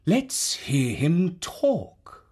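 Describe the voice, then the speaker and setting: A haughty lizard lady in a storybook, cold and unimpressed, drawing out her words with a slow, deliberate disdain, as a woman puts her on. Her voice is soft and breathy. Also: fairly low pitch, very animated, exaggerated voice. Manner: slow, cross, condescending.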